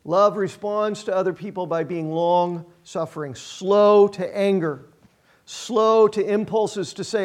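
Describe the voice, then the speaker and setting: Pastor, male, middle-aged, higher register, sermon delivered like a chat, emphatic repeats. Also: unhurried. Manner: conversational and self-deprecating, with emphatic repetitions.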